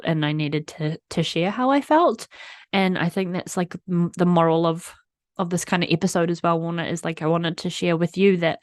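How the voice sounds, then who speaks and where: A woman's voice: lowish voice, no room sound, studio quality. A woman hosting her own podcast, talking candidly and openly about her feelings in a rambling way, full of "like". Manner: rambling, heavy use of "like", open and emotional. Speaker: podcast host. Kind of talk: candid solo podcast monologue.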